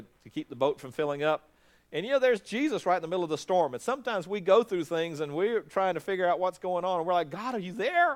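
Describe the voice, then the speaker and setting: A middle-aged man, a pastor, preaching a sermon in a conversational way, often restarting his words. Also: a little high.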